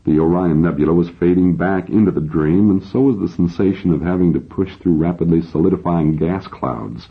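A man reading a novel aloud in first person, in an even, measured way, on a dull lo-fi recording. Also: sits low, vocal fry, breathy edge. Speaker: audiobook narrator. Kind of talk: first-person scripted narration.

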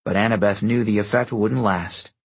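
A man reading an adventure audiobook aloud, expressive and giving each character a voice. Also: on the low side, moderate pace, gravelly, slightly rough. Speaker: audiobook narrator. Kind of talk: scripted narration.

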